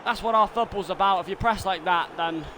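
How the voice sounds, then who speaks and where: A man streaming a football game, commentating live and swinging between muttering and excited shouting. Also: high voice, brisk, noisy background.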